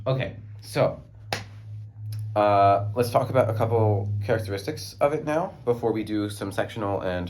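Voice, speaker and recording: A young man, a music student, giving a class presentation on a song, hesitant and full of ums and restarts, recorded on a phone. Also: deep voice. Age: young adult.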